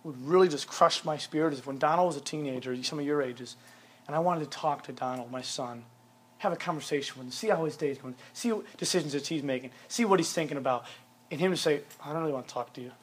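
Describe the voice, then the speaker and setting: A man's voice: fairly high pitch, fast, slightly rough. A man in his thirties preaching to teenagers, emphatic and repetitive, hammering home each point. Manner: emphatic, repeats commands for stress. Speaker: youth pastor. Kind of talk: sermon.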